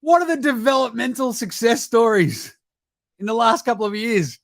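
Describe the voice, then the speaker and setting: An Australian man hosting a basketball stream, talking in a sweary, animated way that jumps into mocking voices and sudden shouts. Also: extremely high pitch, normal speed, no room sound, studio quality. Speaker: basketball podcast host. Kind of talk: profane casual live-stream commentary.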